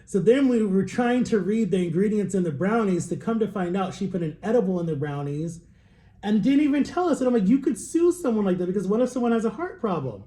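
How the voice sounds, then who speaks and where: Animated young man telling a story. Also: fast talker, echoey room. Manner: animated, acts out quotes with pitch jumps. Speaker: vlogger. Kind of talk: casual storytime while tasting wine.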